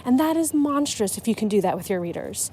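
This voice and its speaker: A woman's voice: a little high, expressive, fairly quick, dark tone, a little hiss or hum. A woman hosting a podcast about writing, talking casually and emotionally, often restarting her sentences. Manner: chatty and emotional, with frequent restarts. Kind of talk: casual solo podcast talk.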